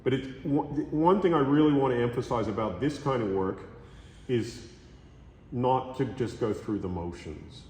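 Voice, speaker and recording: A man teaches a massage course in an easygoing, chatty manner, often pausing to ask "okay?" or "right?". His voice is medium pitched, and the room gives it a roomy echo with a long tail of reverb and some faint background noise. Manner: relaxed, conversational, checks in with "okay?" and "right?". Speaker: massage instructor. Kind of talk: teaching a hands-on class. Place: training room during a course.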